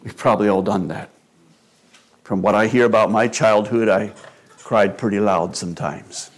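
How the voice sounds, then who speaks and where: A man preaching a sermon in a slow, measured and earnest way, with quiet asides. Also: lowish voice, steady tone. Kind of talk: sermon on child-rearing.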